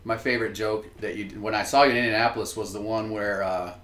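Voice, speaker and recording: A man's voice: lowish voice, steady tone, fast talker, fairly bright tone, roomy sound. A man hosting a podcast, chatting loosely with guests and swearing casually. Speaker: podcast host. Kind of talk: casual chat.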